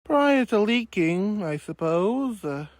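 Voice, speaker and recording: Slow-talking woman with sudden loud outbursts. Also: medium pitch, lively intonation, dry recording. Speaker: gaming video creator. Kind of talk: casual gameplay commentary.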